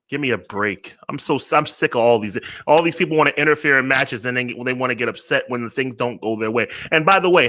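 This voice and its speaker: Bright-voiced man ranting on a podcast. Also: mid-range voice. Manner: blunt, mock-outraged, lots of restarts. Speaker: podcast co-host. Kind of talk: casual podcast chat.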